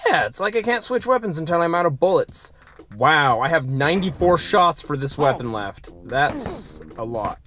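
A let's play host giving casual gameplay commentary, goofy and chatty, talking to enemies and making silly sound effects with sudden excited outbursts. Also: mid-range voice, normal speed.

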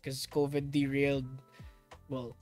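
A man's voice: medium pitch, completely flat delivery, measured pace, a little mellow, soft background music. A young man from the Philippines hosting a casual podcast, rambling and laid-back, swearing offhandedly. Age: young adult. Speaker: podcast host. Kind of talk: casual chat.

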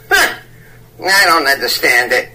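A man's voice: medium pitch, huge pitch swings, very slow, bright, forceful tone, faint music behind, full character voice. A man voicing a rambling 73-year-old man on a prank phone call, stammering and cackling while he mixes up idioms. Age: old man persona. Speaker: scam baiter.

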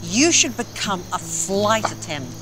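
An actress with an Australian accent playing a theatrical, wry older mother with a sharp tongue. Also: mid-range voice, big pitch swings, measured pace, background noise. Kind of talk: TV comedy-drama acting.

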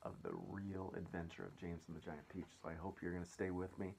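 A man's voice: deep voice, level tone, fairly quick, gravelly, darkish tone, slight background noise. A man reading a children's book aloud chapter by chapter, with friendly, chatty asides to his listeners. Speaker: story reader.

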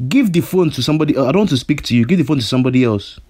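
A man's voice: mid-range voice, animated, racing, a little mellow, lightly acted. A prank caller voicing a hot-headed male kidnapper who stammers and repeats himself, his threats escalating. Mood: furious. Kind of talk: prank phone call.

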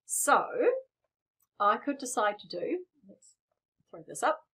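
A middle-aged piano teacher speaks slowly in a high-leaning, expressive voice that is bright and forceful. She explains rhythms playfully and encouragingly while demonstrating at the piano, which plays in the background.

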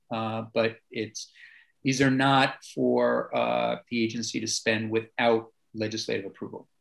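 A man chairing a committee meeting, his voice gravelly with plenty of fry. He talks in a loose, easygoing way, hedging and filling pauses as he moves the discussion along. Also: mid-range voice, low-quality recording. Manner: relaxed, hedging with fillers.

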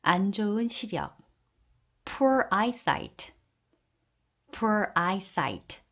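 A woman reading an English vocabulary list, giving each Korean term and then saying the English phrase twice, slowly and deliberately. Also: medium pitch, expressive, fairly bright tone.

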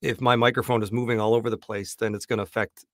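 A man who works as a voice actor, talking easygoing in a casual interview from his home studio on a boom-arm microphone. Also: level tone, fast talker, fairly bright tone, no room sound. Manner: easygoing, dry self-deprecating humor. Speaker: voice actor and audiobook narrator guest.

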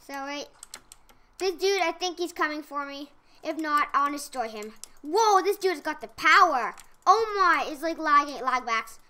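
High, bright excitable gameplay commentator. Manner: chatty, exclaims often, repeats phrases. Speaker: gaming channel host.

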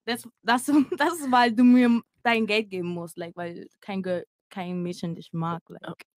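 A woman's voice: mid-range voice, fairly even intonation, a little slow, no room sound, studio quality. A young woman from Germany, a podcast guest telling stories in a blunt, giggly way, her English slightly broken. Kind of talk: casual storytelling chat.

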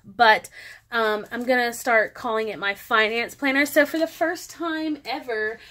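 A woman with a fairly high voice, talking in a relaxed show-and-tell way about her planner. She rambles, backs up and breaks off mid-sentence in a chatty manner. She sounds like she is sitting at a desk with a camera mic. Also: unhurried. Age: adult parent. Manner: chatty, rambling, self-interrupting. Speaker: planner vlogger. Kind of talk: casual show-and-tell chat.

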